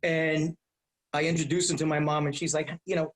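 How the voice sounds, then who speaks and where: Middle-aged male podcast guest, high-pitched, lively storyteller, roomy echo. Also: normal speed. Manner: animated, profane, repeats himself. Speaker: guest, comedian. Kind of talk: casual storytelling.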